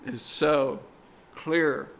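Slow, earnest man preaching a sermon. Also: a little high, steady tone. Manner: slow, deliberate and earnest, pressing key words.

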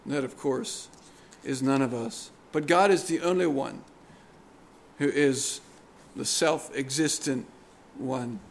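A man preaching a sermon in a deliberate, earnest way, pressing hard on key words. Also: medium pitch, gravelly, a little hiss or hum.

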